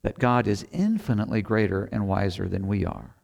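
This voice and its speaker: A middle-aged man delivers a sermon in a fairly low voice. He reads scripture slowly and deliberately, then talks it through in an earnest, conversational way, with rhetorical asides to his listeners. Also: expressive, creaky, a little mellow. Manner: slow, deliberate scripture reading. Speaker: preacher.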